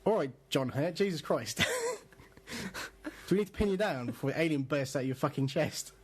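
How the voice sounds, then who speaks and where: A man's voice: on the high side, huge pitch swings, moderate pace, husky. A man with a British accent co-hosting a gaming podcast, bantering playfully, swearing freely and often breaking into giggles. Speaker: podcast co-host.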